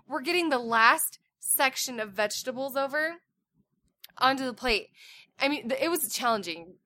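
Co-host mom, high bright voice, loud and lively storyteller in casual talk. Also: female voice, normal speed. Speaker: parent and co-host. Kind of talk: casual chat.

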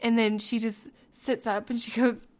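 A woman in her thirties co-hosting a podcast, telling family stories in a casual, animated way, laughing and acting out quotes. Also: a little high, moderate pace. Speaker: podcast co-host. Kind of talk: casual storytelling chat.

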